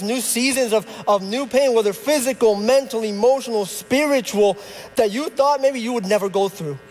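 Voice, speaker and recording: A young man with a notably high voice gives a sermon, telling personal stories in a relaxed, conversational way. His words carry a long reverb from the church hall around him. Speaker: youth director preaching. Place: church sanctuary.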